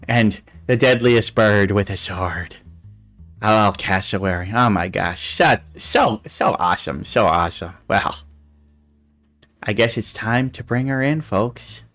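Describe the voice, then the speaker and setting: A man's voice: on the low side, fairly bright tone. Gushing, rambling male livestream host. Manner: gushing, cooing over pictures; rambling with many fillers and restarts. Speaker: talk show host. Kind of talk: casual livestream chat show.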